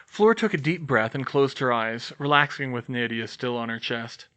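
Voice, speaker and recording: Male audiobook narrator, lively intonation, expressive. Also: mid-range voice, moderate pace. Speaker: audiobook reader. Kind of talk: fan fiction audiobook narration.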